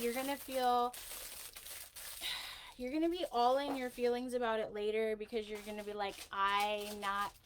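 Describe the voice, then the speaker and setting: Woman host, casual craft livestream, unhurried and rambling, light background noise. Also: fairly high pitch, low-quality recording. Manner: chatty and rambling, self-interrupting with laughs.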